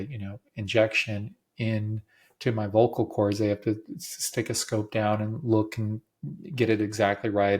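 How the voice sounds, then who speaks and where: A man hosting a podcast, talking in a halting way with many restarts and deep breaths, his voice cracking at times and emotional. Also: a little mellow. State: emotional, close to tears. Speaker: podcast host. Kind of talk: personal monologue.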